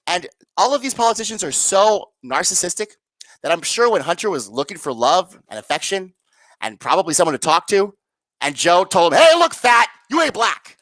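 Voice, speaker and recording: A woman's voice: lowish voice, lively intonation, brisk, no room sound. A woman hosting a solo political commentary livestream. She rants sarcastically and profanely, firing rhetorical questions at her viewers.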